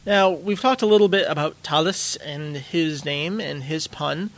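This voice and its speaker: A man co-hosting a podcast in casual chat, relaxed and quick to laugh as he steers the topic. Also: a little high. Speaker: podcast co-host.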